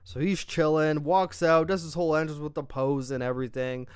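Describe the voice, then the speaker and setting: A young man giving a casual, profane, excited recap of a wrestling show as its reviewer. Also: fairly high pitch, fairly quick, smooth, dry recording, clean studio sound.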